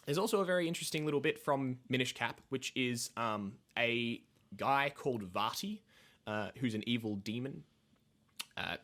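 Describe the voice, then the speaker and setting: A man talks through fantasy game history in a loose, rambling way, full of fillers and restarts. He swears casually and adds his own jokes as he goes. His voice sits at an ordinary, mid pitch. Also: sharp tone. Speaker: podcast host, lore explainer. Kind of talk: casual chat, explaining lore.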